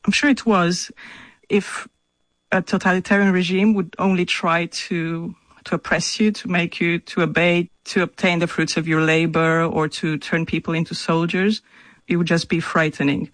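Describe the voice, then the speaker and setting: A woman from Romania, a novelist speaking in an interview in a slow, thoughtful, measured way. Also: fairly low pitch, flat delivery, dry recording, rough recording. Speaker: novelist guest. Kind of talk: remote interview.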